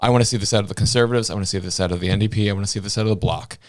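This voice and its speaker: A man's voice: on the low side, racing. A man from Canada's Maritime provinces co-hosting a political podcast, blunt and passionate, with crude jokes. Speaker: podcast co-host. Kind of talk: political commentary chat.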